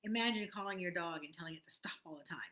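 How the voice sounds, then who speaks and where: A middle-aged woman leading a guided tapping lesson, speaking softly with repeated affirmations and sometimes dropping to a whisper. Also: on the low side, rapid-fire. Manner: soft, repetitive affirmations, drops to a whisper at times. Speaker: tapping coach.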